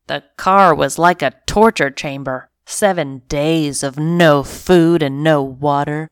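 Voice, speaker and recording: A woman narrating a family pet storybook in an expressive, animated first-person reading. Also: sits low, unhurried, few pauses, clear, resonant tone, dry recording, clean studio sound. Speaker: story reader.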